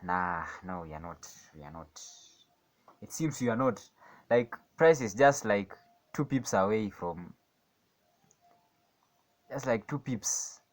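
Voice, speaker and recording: A man with a fairly low voice thinks aloud about a trade he is watching. He rambles, repeats himself and doubts his calls. He switches between steady explanation and sudden excited outbursts. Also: takes it slowly, pauses often. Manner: rambling, self-questioning, swings between calm analysis and excited outbursts. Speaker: day trader narrating his screen. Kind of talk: casual live commentary.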